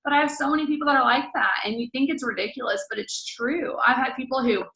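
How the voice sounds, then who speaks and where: A woman's voice: high-pitched, fast, bright, forceful tone, roomy sound, poor audio. A woman in her thirties leading a casual book-study talk, blunt and matter-of-fact. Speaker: team leader hosting a book study.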